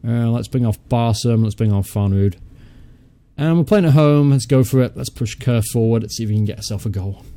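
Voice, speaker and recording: A man's voice: medium pitch, a little fast, warm tone, clean tone. A young man hosting a casual let's-play, chatty, thinking aloud as he goes, muttering and swearing offhandedly. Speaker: gaming channel host.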